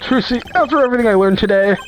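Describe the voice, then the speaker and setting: A woman's voice: fairly high pitch, rapid-fire, soft background music, close to an everyday voice. A woman voicing an earnest, emotional young male defense lawyer in a fan-made courtroom game. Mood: heartfelt. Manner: earnest and heartfelt, voice catching with emotion.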